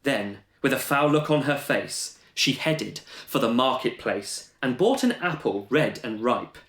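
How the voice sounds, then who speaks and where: A man's voice: mid-range voice, lively intonation, measured pace, fairly bright tone. A man telling a rhyming panto-style story with a playful, sing-song delivery. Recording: roomy echo.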